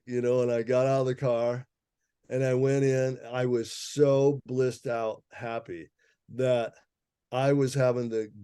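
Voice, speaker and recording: A man's voice: medium pitch, mellow, clear, resonant tone, dry recording, clean studio sound. A man, an herbalist guest, telling a personal story in a casual interview, laughing often and acting out the people he quotes.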